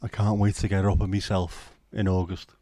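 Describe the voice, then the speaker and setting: A man's voice: low-pitched, level tone, brisk, warm tone, slight background noise. A middle-aged man hosting a casual late-night livestream, rambling and swearing as he bants with his chat from home. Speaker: livestream host.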